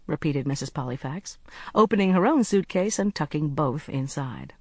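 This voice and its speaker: A measured audiobook narrator with an expressive, lively pitch, reading a cozy mystery. The recording is close and dry, with no room sound. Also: dry recording. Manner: even, measured storytelling.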